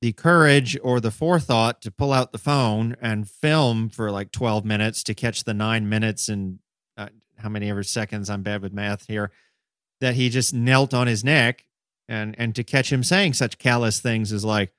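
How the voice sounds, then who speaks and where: A man co-hosting a casual podcast discussion, animated, acting out quotes in voices and building long metaphors. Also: on the low side, moderate pace, clean tone, dry recording, studio quality. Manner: talks in extended metaphors. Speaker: podcast co-host.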